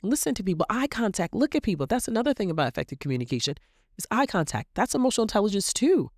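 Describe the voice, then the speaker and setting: A woman's voice: mid-range voice, rapid-fire, no echo, clean studio sound. A woman hosting a motivational podcast, talking animatedly to her listeners and acting out little quoted exchanges. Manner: animated, acts out quoted voices, addresses listeners as queens. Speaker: podcast host and coach. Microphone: podcast mic.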